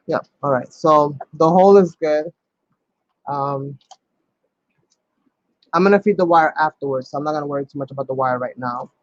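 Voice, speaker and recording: A man hosting a casual crafting tutorial, talking his steps through out loud with plenty of ums. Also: on the high side, normal speed, pauses often, no room sound, dull audio. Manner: chatty, thinks aloud with many ums. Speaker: crafting channel host.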